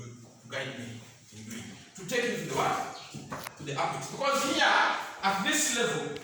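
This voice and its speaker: High bright male speaker, emphatic call-and-response talk, picked up from a distance in an echoey room. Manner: call-and-response questions, repetitive emphatic lists. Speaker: motivational speaker and career guide. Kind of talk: motivational talk to an audience. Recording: echoey room, speaker off mic, faint noise.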